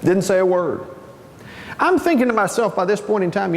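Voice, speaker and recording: Animated storytelling man, high voice. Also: normal speed. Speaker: conference speaker. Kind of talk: humorous storytelling talk. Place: conference hall. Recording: reverberant conference hall.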